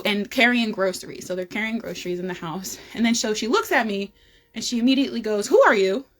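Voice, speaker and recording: A woman hosting a wellness check-in, casually telling the story of a dream, with lots of "um" and "you know". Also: mid-range voice. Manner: chatty, frequent "um" and "you know", animated retelling.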